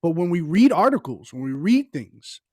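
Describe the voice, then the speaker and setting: A man's voice: fairly high pitch, sing-song, normal speed, darkish tone, no room sound, clean studio sound. A man co-hosting a casual political podcast, talking emphatically and repeating himself for stress. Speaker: podcast co-host.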